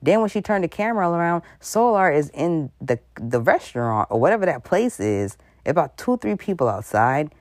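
A vlogger giving casual, rambling and suspicious commentary, with animated asides and laughter mid-sentence. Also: mid-range voice, normal speed, hardly any pauses, no echo.

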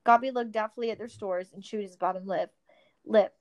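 A woman's voice: medium pitch, steady tone, moderate pace. A woman narrating a storybook, reading steadily with the odd slip and restart.

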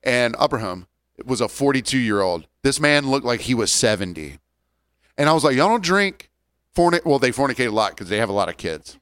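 A man's voice: medium pitch, expressive, brisk, fairly bright tone, clear, resonant tone, no echo, studio quality. A man in his forties chatting casually on a podcast, ranting wryly and joking. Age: 40s. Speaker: podcast co-host. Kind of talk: casual chat.

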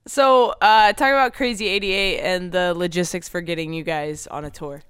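Very smooth-voiced interviewer. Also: mid-range voice, steady tone, moderate pace, fairly bright tone. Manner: brief reactions and questions. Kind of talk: casual interview.

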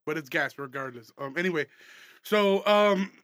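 Young man, comedy podcast host, loose and profane, bright tone, dry close recording. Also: fairly high pitch, normal speed, dry recording. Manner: loose, profane, laughing often, rambling. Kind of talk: casual comedy podcast chat.

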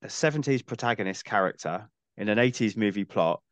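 A man with a lowish voice talks casually about films, in a measured and thoughtful way with a self-deprecating edge. His voice sits close to the mic in a dry, dead room. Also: animated, dry recording. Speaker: podcast guest. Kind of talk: casual film-review chat.

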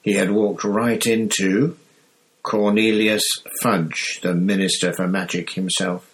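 A man narrating a novel aloud with a low, even voice. His reading is measured and steady, keeping the story moving. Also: low-quality recording. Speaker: audiobook reader. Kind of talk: scripted narration.

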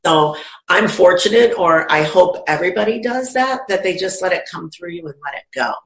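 A woman talking about her work as a medium, with a slightly low voice. She tells stories in a relaxed, chatty way and jumps into quoted voices with lively energy. Her voice carries a noticeable echo from the room. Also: normal speed. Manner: animated, acts out quoted voices. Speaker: psychic medium and teacher. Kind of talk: casual storytelling in a conversation.

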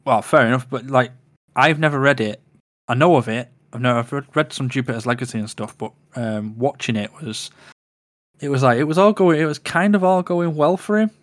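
A man co-hosting a podcast, relaxed and easygoing in casual chat. He swears freely, and his voice sits at an ordinary middle pitch. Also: fairly quick. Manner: laid-back, sweary. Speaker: podcast co-host.

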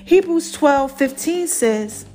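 A woman teaching scripture on a podcast, animated and forever checking in with her listeners. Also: high voice, slow pace, faint music behind. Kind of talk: preaching on a podcast.

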